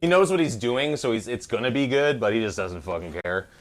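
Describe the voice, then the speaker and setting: A man's voice: medium pitch, big pitch swings, brisk, over music. A man hosting a casual livestream cooking show, rambling, swearing and mocking himself while he drinks. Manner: profane, rambling, self-mocking.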